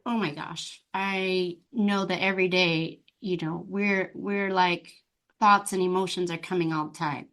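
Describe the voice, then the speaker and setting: A woman guest on a podcast interview, a life coach who talks in an open, expressive and bubbly way. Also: fairly low pitch, a little slow.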